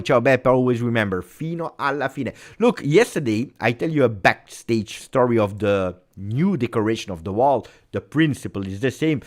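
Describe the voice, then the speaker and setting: A low-voiced, middle-aged football channel host from Italy, speaking with an Italian accent, chats casually with viewers on a livestream. He stays animated throughout, driving points home by repeating phrases.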